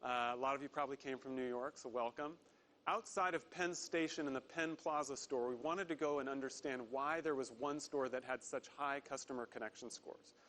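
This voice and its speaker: A man giving a prepared corporate investor presentation, earnest, slowing down to stress key words. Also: mid-range voice, a bit bright. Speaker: company executive presenter.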